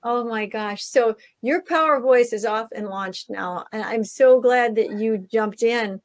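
A woman's voice: on the high side, a little slow, no room sound. A woman hosting an interview, talking with enthusiasm and turning to the listeners as y'all. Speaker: host. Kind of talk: casual interview.

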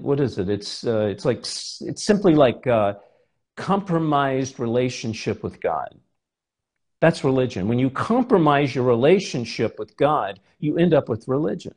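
A man's voice: medium pitch, sing-song, moderate pace, darkish tone, breathy edge. A male preacher giving a sermon, telling a story with animation and asking the congregation rhetorical questions.

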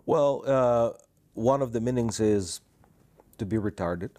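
A man's voice: mid-range voice, takes it slowly, warm tone. A man studying Greek who answers questions hesitantly, searching for the right word. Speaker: student of Greek.

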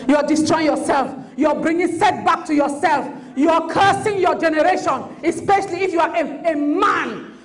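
A woman pastor preaching an animated sermon with emphatic bursts of shouting. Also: sits high, reverberant.

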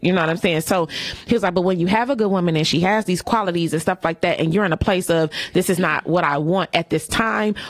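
Female host, casual chat, lively storyteller who swears freely. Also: lowish voice, dry recording, studio quality. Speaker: podcast host.

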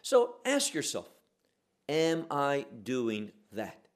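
Slow, animated male Bible teacher. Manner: asks rhetorical questions and answers them; slows and drops pitch to stress key words. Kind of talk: teaching sermon.

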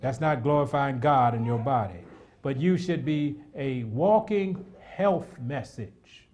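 A middle-aged man preaching a sermon, animated and repetitive, with asides to the congregation. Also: mid-range voice, takes it slowly.

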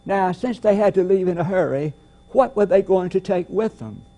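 A man preaching a sermon, deliberate and emphatic, repeating key phrases. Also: sits high, lively intonation, warm tone, muffled recording. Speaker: pastor.

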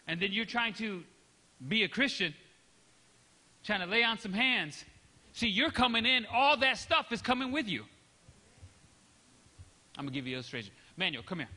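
A man pastor preaching with a high, very bright voice, animated and demonstrative, acting out examples. He keeps checking in with the congregation in a conversational way. The sound carries long church reverb with soft music underneath. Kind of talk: sermon. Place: church sanctuary.

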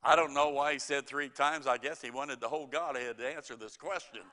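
A man's voice: mid-range voice, brisk, sharp tone. A man preaching a sermon, quoting scripture and telling folksy stories, chuckling at his own jokes.

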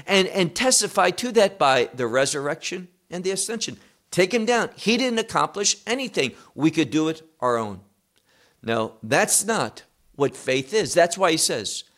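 Man teaching scripture, high animated voice, slow deliberate pace, emphatic questions. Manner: emphatic, asks and answers rhetorical questions. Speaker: Bible teacher. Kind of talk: Bible teaching.

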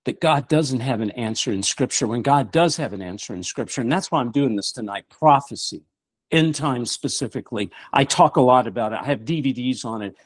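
A man's voice: medium pitch, dry recording. A middle-aged man hosting a show, preaching emphatically with rhetorical questions. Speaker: show host. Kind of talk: preaching talk-show monologue.

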